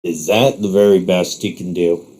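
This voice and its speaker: A man's voice: lowish voice, normal speed, darkish tone, lightly acted. A man voicing a smug, unimpressed male rival who talks in a dry, dismissive way.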